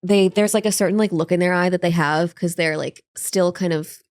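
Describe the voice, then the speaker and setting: A woman with a lowish voice co-hosts a casual podcast and drops wry, deadpan remarks. Her lines often trail off into soft murmurs. The recording is close and dry. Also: a little fast, no echo. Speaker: podcast co-host.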